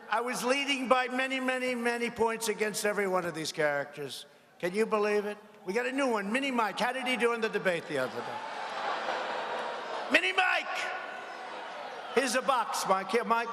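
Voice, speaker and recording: A man's voice: very high voice, fairly bright tone, a little hiss or hum. A man in his seventies giving a rally speech, combative and mocking, with rambling asides. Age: 70s. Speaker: politician addressing a rally. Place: large arena. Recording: echoey arena with long reverb.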